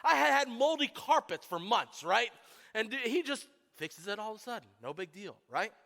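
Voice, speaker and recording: A man preaching a sermon, telling self-deprecating funny stories about himself to a church congregation in an animated way. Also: sits high, moderate pace, creaky. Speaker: pastor. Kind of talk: humorous sermon storytelling. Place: church sanctuary. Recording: long church hall reverb.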